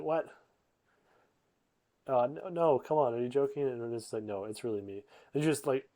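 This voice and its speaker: A man's voice: medium pitch, dark tone. A man giving a rambling, casual retelling of a comic, full of fillers and restarts, loosely voicing the characters. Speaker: narrator summarizing a comic.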